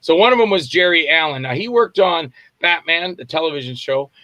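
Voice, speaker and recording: Animated man telling stories, bright voice. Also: on the high side, brisk, no room sound, highs cut off. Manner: animated anecdotes, acts out voices and shouts. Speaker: film director guest. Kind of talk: casual storytelling interview. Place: Tampa area, Florida.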